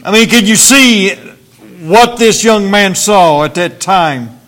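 A man preaching in a church, reading scripture aloud slowly and then speaking earnestly to the congregation. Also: sits high, expressive, a bit bright. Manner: slow, deliberate King James reading, then earnest preaching.

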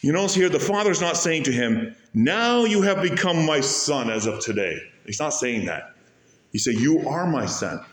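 A man preaching a sermon, swinging between loud rising peaks and soft low passages, slowing way down to stretch key phrases. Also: very animated, reverberant. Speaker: pastor.

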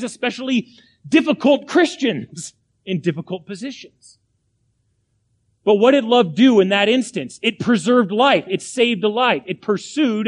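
A man with a high voice delivers a sermon as pastor. He preaches emphatically, repeating phrases and firing rhetorical questions at the congregation.

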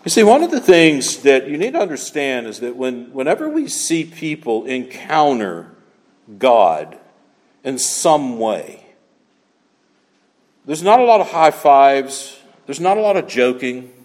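A man preaching a sermon as pastor, emphatic, moving between loud declaiming and quiet asides. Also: mid-range voice, sing-song, unhurried, long reverb tail.

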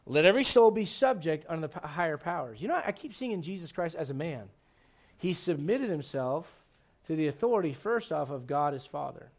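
A man. He moves between loud, emphatic points and quiet, dropped-down asides. He jokes and keeps asking the congregation questions. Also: fairly high pitch, brisk. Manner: animated preaching with humor and rhetorical questions. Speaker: pastor. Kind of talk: sermon.

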